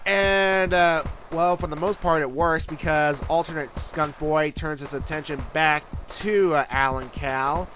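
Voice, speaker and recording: A man's voice: fairly high pitch, steady tone, unhurried, hardly any pauses, fairly bright tone, slight background noise. A man reviewing a comic book in a casual, rambling way, full of filler words. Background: background music.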